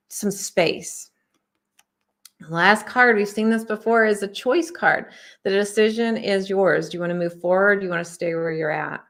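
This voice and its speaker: A woman talking viewers through an oracle card reading in a relaxed, conversational way. Her delivery is friendly and reassuring, loose and chatty, with plenty of "you know" and "like." She sounds like a spiritual teacher speaking straight to her audience. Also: medium pitch, creaky.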